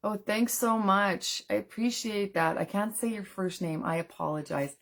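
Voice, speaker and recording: A woman's voice: mid-range voice, fairly even intonation, moderate pace, gravelly, fairly bright tone. A woman who works as a nutrition coach, chatting earnestly and straight to viewers on a live stream and answering their comments. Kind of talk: casual live-stream chat.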